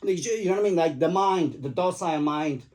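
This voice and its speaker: A man's voice: a little high, fairly quick, a little mellow. Rambling, profane middle-aged man. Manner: rambling, profane, jokey anecdotes. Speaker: father telling stories to his family. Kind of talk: casual storytelling at the dinner table.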